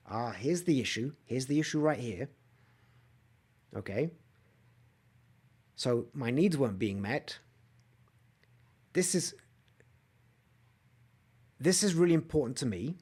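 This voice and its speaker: A man hosting a solo coaching podcast, talking straight to listeners and acting out angry quoted outbursts with lively emphasis. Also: mid-range voice, measured pace, long pauses, slightly rough. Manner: animated, acts out quoted outbursts, asks listeners to comment. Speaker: podcast host and empath coach. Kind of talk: solo motivational podcast talk.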